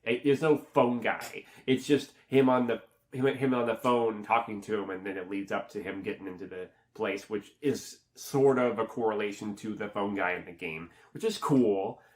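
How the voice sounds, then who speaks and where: A man giving a casual, rambling spoken movie review, full of fillers and restarts, who jumps up in pitch when acting out reactions. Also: moderate pace.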